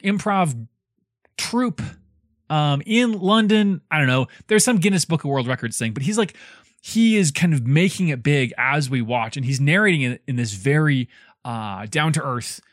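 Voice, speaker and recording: A man's voice: a little high, moderate pace, no echo, clean studio sound. A man co-hosting a podcast, chatting casually about a book in a rambling way with many fillers. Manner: animated, rambling with fillers and restarts. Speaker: podcast co-host reviewing a book. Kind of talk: casual chat.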